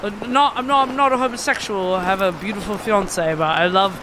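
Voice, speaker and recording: A woman's voice: medium pitch, a little fast, noisy background, close to an everyday voice. A woman playing an eager young British man photographer in a comedy sketch, with a put-on British accent and an overly familiar manner.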